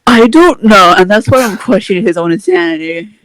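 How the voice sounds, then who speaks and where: A man's voice: sits high, very animated, brisk, fairly bright tone, dry recording. A man chatting casually with fellow tabletop game players in a goofy, self-mocking way. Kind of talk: casual chat.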